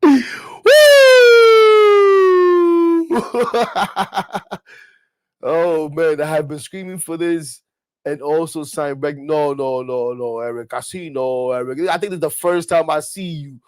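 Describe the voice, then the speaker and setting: Excitable New man streaming live. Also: a little high, moderate pace, smooth. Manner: animated, laughing, shouting out friends, swearing freely.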